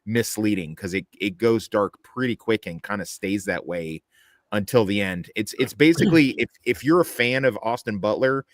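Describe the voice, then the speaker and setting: A man chatting casually about a film he saw, rambling and animated with lots of fillers and restarts. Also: fairly low pitch, moderate pace, no echo, studio quality. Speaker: panelist. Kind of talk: casual film review chat.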